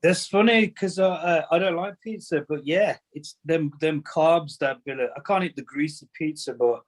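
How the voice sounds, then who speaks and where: A man's voice: fairly high pitch, moderate pace. A man co-hosting a podcast, asking questions and teasing the others. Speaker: podcast co-host. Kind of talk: casual podcast chat.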